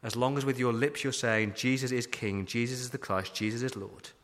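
A man's voice: mid-range voice, fairly even intonation, a little fast, fairly bright tone. Man preaching a sermon in a reverberant hall. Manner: emphatic preaching with repeated rhetorical questions. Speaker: pastor.

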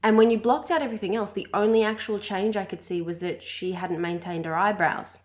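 A woman's voice: medium pitch, fairly even intonation, brisk. A woman co-hosting a podcast, chatting expressively in a house and laughing often. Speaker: podcast co-host. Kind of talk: casual chat.

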